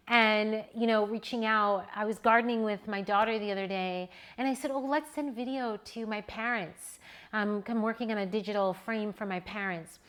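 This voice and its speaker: A woman's voice: mid-range voice, fairly bright tone, clear, resonant tone. A middle-aged woman photographer speaking from home in an earnest, heartfelt monologue full of restarts. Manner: earnest, with restarts and rising emotion. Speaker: newborn photographer and educator.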